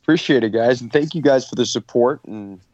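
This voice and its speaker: A man's voice: mid-range voice, brisk, a little mellow, dry recording. A man who calls hockey games, guesting on a casual podcast and talking in a friendly, easygoing way. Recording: dull lo-fi, dry.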